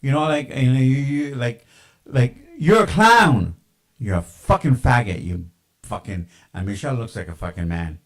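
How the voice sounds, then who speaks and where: A man's voice: mid-range voice, expressive, moderate pace, low-quality recording. A man ranting in a casual, rambling monologue, with lots of profanity, fillers and tangents.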